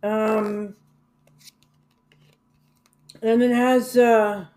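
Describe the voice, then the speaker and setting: Woman, unhurried rambling music vlogger, filler-heavy and blunt. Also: fairly high pitch, flat delivery, dark tone. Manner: rambling, hesitant, many fillers and restarts; blunt, swears casually. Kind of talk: casual rambling monologue.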